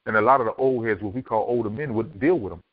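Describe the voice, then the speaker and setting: The recording is dry and tinny, like a phone call, carrying a fast, low-sounding man from Miami, Florida. He's an author and speaker guesting on a podcast, narrating his life vividly and acting out what others said to him.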